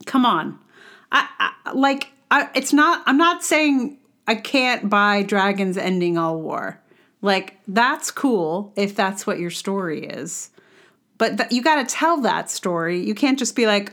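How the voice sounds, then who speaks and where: A woman's voice: medium pitch, sing-song, slow, fairly bright tone. A woman hosting a casual book review monologue, ranting with sarcastic passion and wry asides. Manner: wry, conversational with fillers. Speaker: podcast host reviewing a book.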